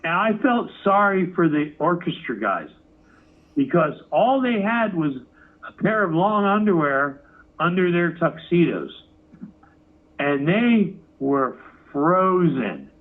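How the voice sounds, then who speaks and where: Interviewed as a rock musician, a man tells animated stories, swearing freely and acting out the people in them. His voice is high with big pitch swings and a slow pace, and the audio is narrow, like a phone line.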